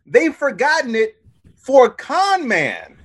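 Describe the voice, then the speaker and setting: A man on a remote call, chatting as a guest in a casual political talk, animated and telling stories with many stumbles and repeated words. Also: very high voice, slow pace.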